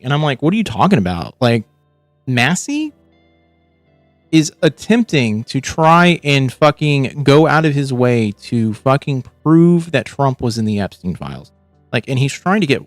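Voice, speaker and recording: A livestream host with a medium-pitched voice gives casual, rambling reaction commentary, swearing a lot and restarting often. The recording has no room sound.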